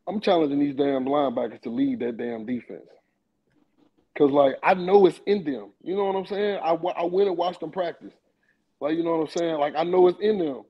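A husky man whose voice sits a little high. He talks in loose slang and often circles back to repeat a point. The audio is a little dull and lo-fi. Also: brisk. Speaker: sports podcast panelist. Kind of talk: casual sports talk.

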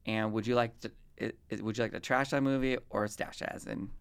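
A woman's voice: rumbling low, fairly even intonation, a little fast, clear, resonant tone. Rambling chatty woman podcast host. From US West Coast. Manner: rambling, chatty, self-interrupting. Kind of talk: casual chat.

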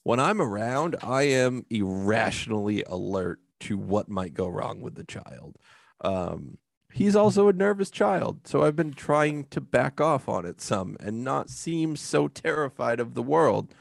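Man, lowish gravelly voice, dry close sound, candid casual podcast talk. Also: expressive, unhurried, dry recording. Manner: candid, self-deprecating. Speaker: podcast co-host. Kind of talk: casual chat.

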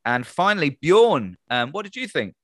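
A man's voice: on the high side, sing-song, normal speed, a bit bright, no echo. A man hosting a comedy podcast over a remote call, joking and rambling with lots of fillers. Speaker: podcast host.

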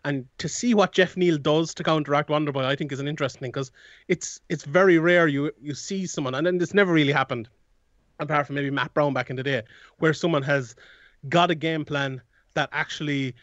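A man's voice: a little high, brisk, no echo. Chatty man on a dull line. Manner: rambling, many restarts and fillers, laughs often. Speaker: MMA analyst guest. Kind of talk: casual sports analysis chat.

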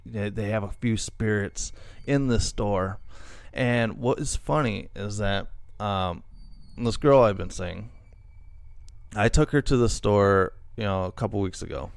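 Gravelly casual man rambling. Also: fairly low pitch, no room sound. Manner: rambling, lots of fillers and restarts. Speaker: podcast co-host. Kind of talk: casual chat.

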